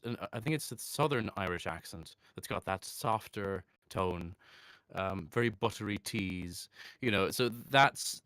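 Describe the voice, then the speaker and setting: A man, a voice actor chatting in an interview, reflective and quick to laugh. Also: sits low, a bit bright, dry recording, clean studio sound. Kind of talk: casual interview talk.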